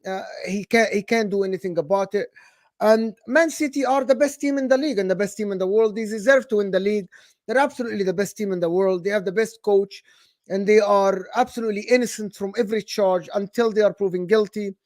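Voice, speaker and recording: A young man with an Egyptian accent hosting casual football talk, animated and sarcastic, slipping into Arabic phrases. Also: sits high, dry recording, studio quality. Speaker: football channel host.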